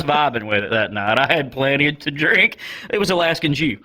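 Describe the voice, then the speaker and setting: A young American man, a comedian guest on a podcast, telling stories in a laid-back, cursing style, jumping into loud high bursts when quoting. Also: expressive, brisk. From United States. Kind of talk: casual storytelling chat.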